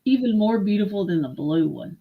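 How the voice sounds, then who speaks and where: A woman hosting a live-stream vintage sale, slowly admiring and describing glassware. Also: mid-range voice, lively intonation, vocal fry, breathy edge, narrow, tinny audio. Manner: slow, admiring product descriptions.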